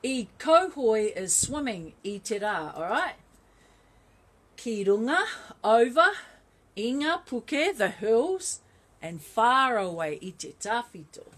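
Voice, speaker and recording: Kiwi kindy teacher, high, bouncy voice, takes it slow, guitar behind. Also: female voice, sing-song, a bit bright. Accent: New Zealand. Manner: chatty, encouraging, mixes in Māori words. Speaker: kindergarten teacher. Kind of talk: teaching a children's song.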